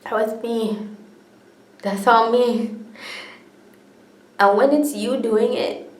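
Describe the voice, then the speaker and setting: A woman's voice: on the high side, steady tone, slow pace. A young woman telling her own story to camera in a candid, earnest way, tearful and laughing often as she talks. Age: young adult. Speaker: vlogger. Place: indoors, sitting on the floor. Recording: echoey room.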